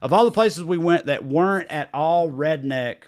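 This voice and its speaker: A man's voice: a little high, moderate pace. A man with a Southern US accent hosting a casual comedy chat show, reading viewer comments aloud, joking about himself and laughing often. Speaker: show host.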